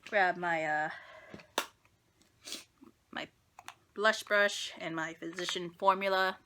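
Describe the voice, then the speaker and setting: A woman's voice: on the low side, fairly even intonation, slow, noisy background. A young woman rambling through a makeup tutorial, self-deprecating and talking to herself as she works. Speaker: beauty vlogger.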